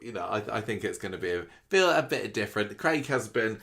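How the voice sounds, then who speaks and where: A man's voice: fairly low pitch, lively intonation, brisk, gravelly, a bit bright. A man, co-hosting a podcast in casual chat, rambling with hesitant restarts and teasing his co-host.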